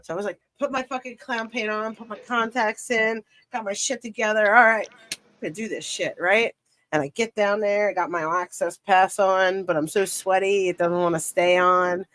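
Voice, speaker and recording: A young woman tells a story in loose, casual chat. She is animated and profane, with quick bursts of laughter running through her talk. Her voice sits in a middle pitch. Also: low-quality recording. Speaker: podcast guest.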